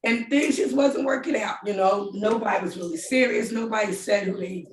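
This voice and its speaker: A middle-aged woman telling her story in a casual, animated way, often laughing and acting out what people said. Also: mid-range voice, normal speed, reverberant, far from the mic, a little hiss or hum. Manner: animated, laughing, quoting others in voices.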